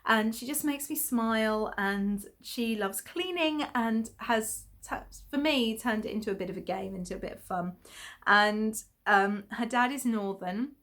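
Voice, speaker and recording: This podcast host is an Essex woman whose fairly high, fairly bright voice takes its time. She chats casually and rambles, dropping in plenty of ums and small laughs.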